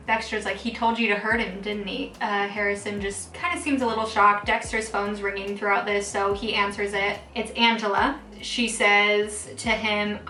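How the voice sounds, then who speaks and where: A woman's voice: mid-range voice, bright, forceful tone, reverberant, far from the mic, slight background noise, poor audio. A young woman casually recapping TV episodes, chatty and full of fillers as she retells scenes and quotes characters. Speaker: TV recap vlogger.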